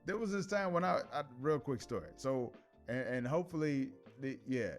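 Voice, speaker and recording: A man hosting a casual commentary show, telling stories in an animated way with slang and frequent laughs. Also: mid-range voice, normal speed, soft background music. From Chicago. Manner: animated, laughs often, many restarts and slang.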